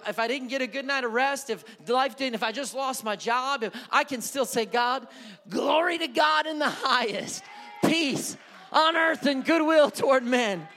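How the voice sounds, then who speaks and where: High-voiced man preaching in a sanctuary. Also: in a large hall. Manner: builds from soft to shouting, repeats phrases. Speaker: pastor. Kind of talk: sermon. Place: church sanctuary.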